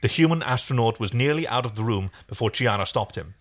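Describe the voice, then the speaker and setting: A man reads a story aloud in a bright, forward voice with a wide, lively pitch. He sounds animated and quick to joke. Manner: animated, joking asides. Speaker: reader. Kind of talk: reading fan fiction aloud.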